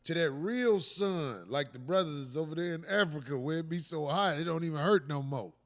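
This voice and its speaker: A middle-aged man hosts a loose comedy podcast in a fairly high voice. He talks brash and profane, teasing his co-hosts and bragging about himself. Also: normal speed, a bit bright. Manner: brash, profane, boastful ribbing. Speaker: comedian host.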